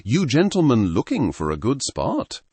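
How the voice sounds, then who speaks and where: A man's voice: mid-range voice, wildly swooping pitch, normal speed, warm tone, husky, dry recording. A man voicing a weathered, friendly old male fisherman in an audiobook reading, talking in a folksy, plain-spoken way.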